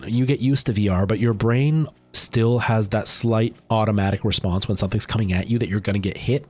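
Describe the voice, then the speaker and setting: A man's voice: on the low side, fairly even intonation, a little fast. A young man streaming a game live, chatting with his viewers and yelping in panic when attacked. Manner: chatty, jumps to loud panicked yelps in fights. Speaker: livestreaming gamer.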